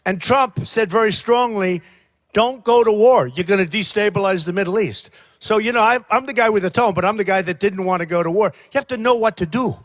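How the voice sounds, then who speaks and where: A man's voice: sits high, fairly quick, a bit bright, dry recording. An older man giving a rambling campaign rally speech, repeating himself and talking straight to the crowd. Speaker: political candidate. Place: large rally crowd by a plane.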